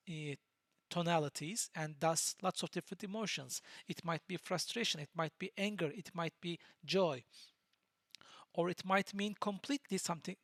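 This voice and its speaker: Patient lecturer. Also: male voice, sits high, a bit bright, no room sound, studio quality. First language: Turkish. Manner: patient, explanatory, pauses to search for words. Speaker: university lecturer. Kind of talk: recorded lecture.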